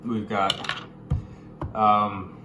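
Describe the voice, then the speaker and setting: A young man explaining money topics in a casual vlog, goofy and jokey, with sudden loud, excited bursts. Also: lowish voice, very slow, roomy sound, background noise. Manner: goofy, hyper bursts, calls viewers gamers. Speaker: YouTuber.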